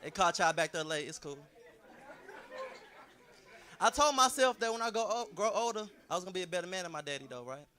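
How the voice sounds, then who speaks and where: A man's voice: high-pitched, lively intonation, fairly quick, pauses often, pushed and bright, a faint crowd. A man doing a laid-back, self-deprecating stand-up comedy set in a club.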